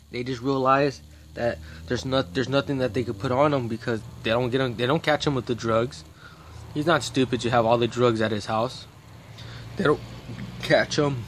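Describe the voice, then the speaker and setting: A man's voice: mid-range voice, slight background noise. A man talking straight to camera in a rambling, profane monologue, agitated and restarting his sentences often. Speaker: vlogger.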